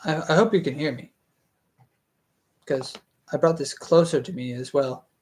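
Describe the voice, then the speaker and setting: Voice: medium pitch, moderate pace, a little mellow. A streamer reading a fantasy book aloud to a live chat, breaking off into rambling, hesitant asides full of restarts.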